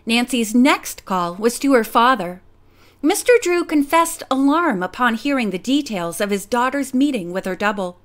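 A woman narrating a mystery novel as an audiobook, clear and even. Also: on the high side, moderate pace.

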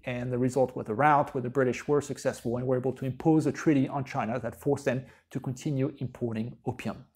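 A man teaching a college history lecture in a conversational way, often pausing on "uh" fillers. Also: medium pitch, steady tone, a little mellow, breathy edge. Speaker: history professor.

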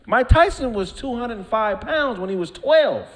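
A man's voice: very high voice, animated, a little slow. A man co-hosting a talk show, debating in a laid-back but emphatic way. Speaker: co-host. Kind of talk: casual banter.

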